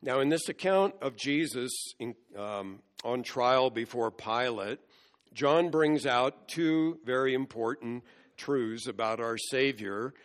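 A man preaching an expository sermon, explaining scripture verse by verse in a measured way. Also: medium pitch. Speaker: pastor. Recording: long hall reverb.

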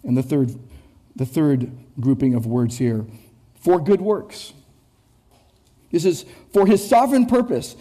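A man's voice: a little high, measured pace, long pauses, mellow. A man preaching an expository sermon, emphatic and repetitive, often restarting words and speaking straight to his listeners. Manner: emphatic, repetitive phrasing with frequent word restarts; rhetorical, addresses listeners directly. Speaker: pastor.

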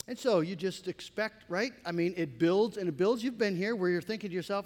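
High-voiced man preaching in a reverberant hall. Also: brisk, hardly any pauses. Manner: conversational and animated, with asides and laughs. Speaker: pastor. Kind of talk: sermon.

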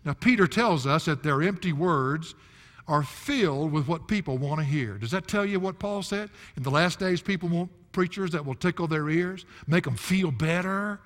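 An older man preaches in a folksy, emphatic way and breaks into chuckling asides. His voice sits a bit high for a man. It rings with a long echo in a large hall. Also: moderate pace, a bit bright. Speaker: pastor. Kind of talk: expository sermon.

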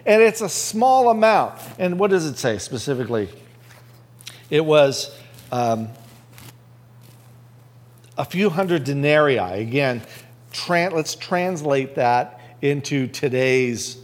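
A man's voice: mid-range voice, lively intonation, takes it slowly, pauses often. A man as a pastor, preaching a conversational sermon and asking the listeners rhetorical questions.

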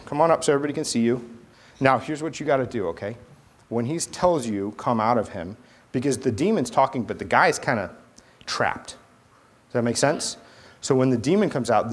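A male pastor preaching a sermon, animated, acting out voices and asking the crowd questions. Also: mid-range voice.

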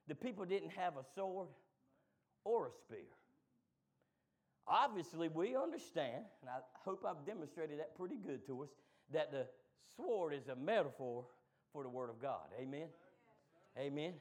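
Male preacher, sermon, high voice, builds to shouting, call-and-response. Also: sing-song. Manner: builds from low, quick asides to loud shouted call-and-response.

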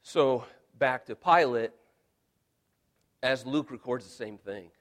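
A man's voice: mid-range voice, slow pace. A man preaching an expository sermon in an earnest, emphatic way, often repeating words as he restarts. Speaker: pastor.

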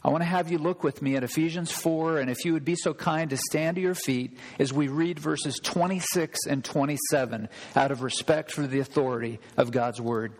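A man's voice: fairly high pitch, normal speed, hardly any pauses, in a large hall. A man preaching a sermon as pastor, earnest and emphatic, stressing points by repeating them. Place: church sanctuary.

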